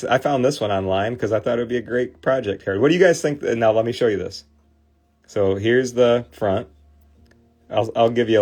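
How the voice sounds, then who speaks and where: A Michigan man in his forties with a Midwestern accent hosts a livestream restoring trading cards, his voice on the low side with a darkish tone. He chats casually with viewers, full of fillers and restarts.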